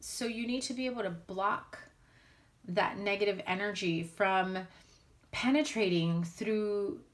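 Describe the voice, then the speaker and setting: A woman's voice: mid-range voice, measured pace. A woman giving a casual spoken tarot reading to her viewers, blunt and candid, speaking straight out. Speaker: tarot reader.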